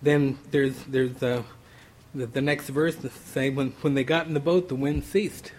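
A man preaching a sermon in a relaxed, conversational way, often restarting phrases. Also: mid-range voice, measured pace, slight background noise. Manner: conversational, many restarts and "you know".

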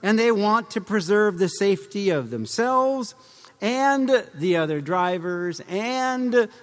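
A man's voice: sits high, big pitch swings, slow pace, long reverb tail. A middle-aged man addressing a live audience in a conversational way, with rhetorical questions and humorous asides.

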